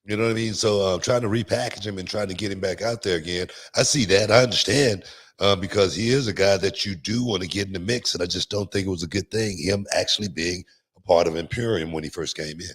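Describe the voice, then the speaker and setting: Deep-voiced man in casual chat. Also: slightly rough. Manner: relaxed, halting, heavy use of "you know". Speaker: podcast co-host, former wrestler.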